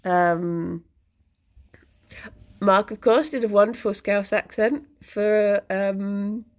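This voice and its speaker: A young woman from near London chats with her stream audience at a relaxed pace. She laughs easily and loses her thread mid-sentence. Her voice sits at an ordinary middle pitch, and she speaks into a desk microphone at home. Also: slow pace. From England, near London. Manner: chatty and giggly, drifting off mid-thought. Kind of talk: casual chat with viewers.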